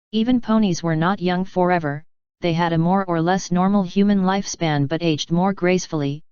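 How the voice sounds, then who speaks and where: A woman narrating a fan story in a steady audiobook reading. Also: on the low side, smooth, no echo, highs cut off. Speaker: fanfiction reader.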